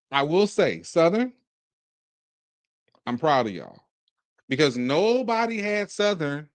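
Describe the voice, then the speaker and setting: A man in his forties from Mississippi, hosting a casual sports commentary show, animated and talking in bursts with frequent restarts. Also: medium pitch, clean tone, no echo. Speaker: podcast host.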